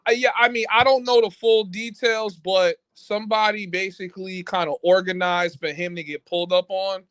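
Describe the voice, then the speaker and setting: High-voiced man teasing in a dry room. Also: steady tone, moderate pace, fairly bright tone, clean tone, no room sound. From Nigerian American. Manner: brash, profane, teasing. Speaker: panelist. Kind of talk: casual livestream panel banter.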